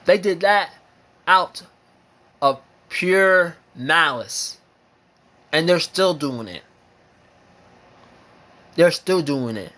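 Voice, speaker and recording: High-voiced man ranting slowly. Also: expressive, sharp tone. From United States. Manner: emphatic and repetitive, hammering points with repeated phrases and swearing. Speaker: vlogger sharing opinions. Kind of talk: impassioned opinion monologue.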